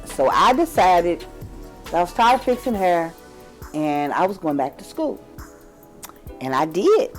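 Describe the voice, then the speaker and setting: An older woman, chatting with her granddaughter and telling family stories with animated, acted-out voices. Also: fairly low pitch, unhurried, long pauses, faint music behind. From Kentucky. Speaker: grandmother of the host. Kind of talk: casual storytelling chat.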